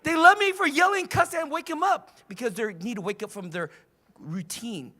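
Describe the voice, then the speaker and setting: A man giving a motivational seminar as a coach, fiery and loud, shouting and swearing to rouse his audience. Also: very high-pitched, moderate pace. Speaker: coach and trainer. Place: live seminar in front of an audience.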